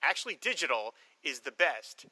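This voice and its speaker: A man co-hosting a podcast, reading listener mail and joking in animated casual chat. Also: on the high side, normal speed, slightly rough, dry recording, low-quality recording. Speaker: podcast co-host.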